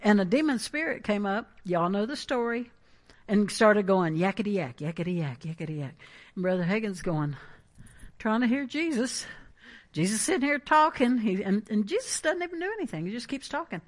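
A woman preaching a sermon in an animated, emphatic way, with asides and laughs. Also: on the high side, moderate pace.

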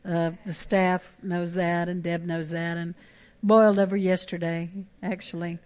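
A woman's voice: on the low side, little pitch movement, a little slow, darkish tone, clean tone. A woman pastor, preaching a sermon with emphatic, repeated phrases.

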